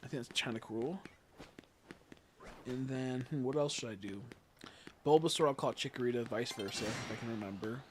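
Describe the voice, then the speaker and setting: Young male streamer, mid-pitched, rambling and giggly, profane; faint noise behind. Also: normal speed, pauses often. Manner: rambling, giggly, swears freely. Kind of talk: casual livestream chat while gaming.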